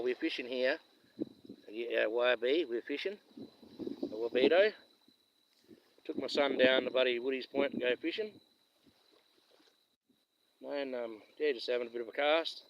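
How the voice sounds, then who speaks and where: A man's voice: mid-range voice, a little hiss or hum. Aussie guy from WA rambling on a fishing livestream, chuckly, outdoors, dull lo-fi phone audio. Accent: Western Australian. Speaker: live streamer. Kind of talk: casual live-stream chat. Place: outdoors by the water while fishing.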